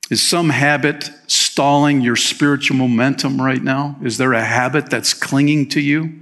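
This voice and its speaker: A man preaching a sermon as pastor, energetic, swinging between loud emphasis and quiet appeals, with rhetorical questions to the congregation. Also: medium pitch.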